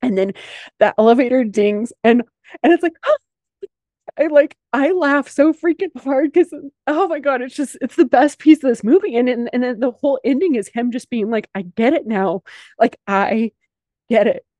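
Female podcast host, earnest and expressive, higher and mellow, dry sound. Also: moderate pace, no room sound. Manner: earnest, expressive, casual swearing. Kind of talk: casual podcast chat.

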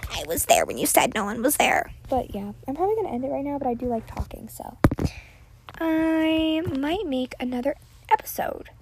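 A woman's voice: high-pitched, expressive, normal speed, vocal fry, slight background noise. A teenage girl hosting a podcast, rambling casually, full of "like" and self-deprecating asides, on a built-in device mic. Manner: chatty, filler-heavy, self-deprecating. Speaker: podcast host.

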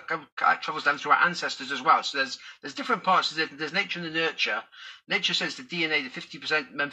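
A man vlogging in a casual, rambling way, working through an idea out loud as he talks to his viewers. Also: fairly high pitch, breathy edge, rough recording. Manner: rambling, thinking aloud. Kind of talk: casual talk to camera.

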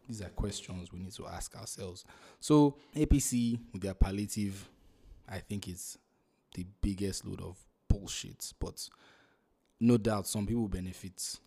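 Mellow low-voiced man hosting. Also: unhurried, vocal fry. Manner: animated, repeats and restarts phrases. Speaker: podcast host. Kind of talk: casual podcast discussion.

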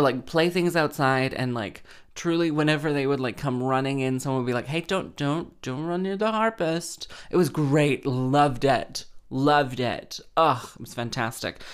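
Sweary harpist ranting, smooth clear voice. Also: mid-range voice. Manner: exasperated, sweary, sarcastic. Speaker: wedding harpist. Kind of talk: casual storytime rant.

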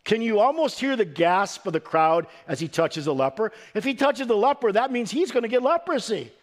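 High-voiced man preaching earnestly. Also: expressive, fairly quick. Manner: earnest, emphatic preaching with swelling and dropping delivery; occasional stumbling restarts. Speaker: pastor. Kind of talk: sermon.

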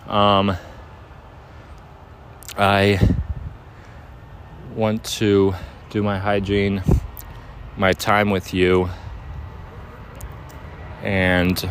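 A man's voice: lowish voice, slight background noise. A young man making an earnest, rambling, hesitant apology to his partner, recorded outdoors. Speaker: boyfriend addressing his partner. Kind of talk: heartfelt apology monologue. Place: outdoors near overhead air traffic.

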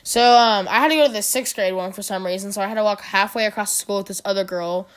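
A woman's voice: mid-range voice, fast talker, clear, resonant tone. A teenage girl telling school stories in casual chat, rambling and giggling. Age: teens. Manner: rambling, giggly, restarts a lot.

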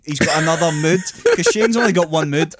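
A man's voice: a little high, a little fast. A man co-hosting a casual podcast over drinks, teasing and swearing freely. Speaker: podcast co-host. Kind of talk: casual drunk banter.

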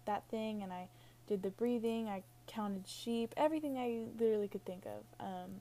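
A woman's voice: medium pitch, dark tone. Rambling Valley-girl-sounding young woman. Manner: Valley-girl-like, says "like" and "literally" constantly; laughs at her own jokes. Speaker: podcast host. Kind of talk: casual rambling podcast monologue.

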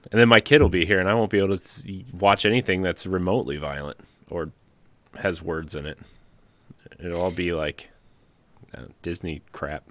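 A man's voice: low-pitched, steady tone, moderate pace, long pauses, fairly bright tone. A man hosting a casual chat, a parent of a toddler, who makes dry, wry asides. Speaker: podcast host.

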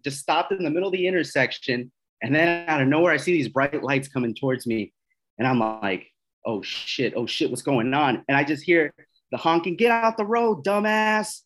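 Man, casual storyteller, stumbles and repeats himself, self-mocking laughs. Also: on the high side. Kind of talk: casual podcast chat.

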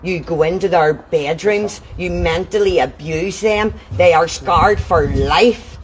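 A woman's voice: on the low side, slow, slight background noise. A woman angrily interrogating a man during a confrontation outdoors. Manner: accusing, interrogating. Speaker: confronting vigilante. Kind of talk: heated confrontation.

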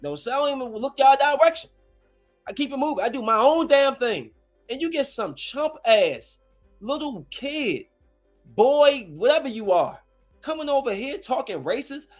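A high-pitched man in his thirties rants straight at his viewers, heated and confrontational, swearing freely. His voice sits well above the usual male range. Soft music plays faintly underneath. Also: big pitch swings, normal speed. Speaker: streamer addressing his viewers. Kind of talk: angry rant to camera.

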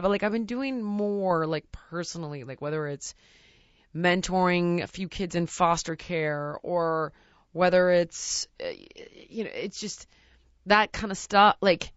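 A woman's voice: on the low side, a little slow, fairly bright tone, no echo, lo-fi sound. Earnest businesswoman thinking aloud. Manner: searching, earnest, many restarts and "like". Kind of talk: candid casual chat.

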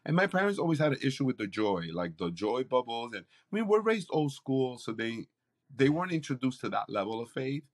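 A man, a campus pastor, telling a personal testimony in conversation, animated and acting out what others said. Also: mid-range voice, a little fast. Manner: animated storytelling, acts out quoted voices.

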